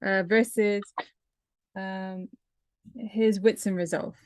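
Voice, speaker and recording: A woman's voice: mid-range voice, fairly even intonation, slow, no room sound, clean studio sound. A woman playing a tabletop game, flustered and hesitant as she sorts out dice rules. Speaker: player.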